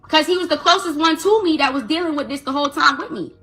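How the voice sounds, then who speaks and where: A woman tells a story about her child with raw emotion, her voice bright and forward and pitched a little high. She stammers and repeats herself while replaying conversations, with faint music behind her. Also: quick pace. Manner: stammering, retells dialogue. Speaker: mother telling her story.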